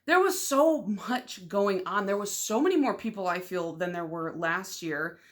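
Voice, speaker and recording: A woman's voice: mid-range voice, a little slow. Chatty, rambling young woman vlogger. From Michigan. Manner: chatty, rambling, lots of "like" fillers; excitable and loud, laughs often. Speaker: nail polish vlogger. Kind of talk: casual vlog chat.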